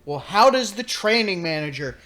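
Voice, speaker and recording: A man's voice: high-pitched, lively intonation, normal speed, bright, forceful tone. A man voicing a smug, demanding male customer who talks down to staff in a curt, condescending way.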